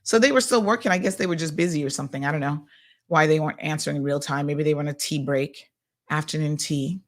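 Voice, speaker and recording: A woman hosting a casual local news chat, chatty and animated, full of asides and fillers. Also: sits low, quick pace. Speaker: host.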